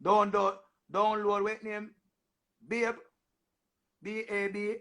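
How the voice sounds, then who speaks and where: High, bright-voiced Jamaican man chatting live. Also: slow. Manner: animated patois banter, repeats himself. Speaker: livestream host. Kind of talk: casual livestream chat with callers.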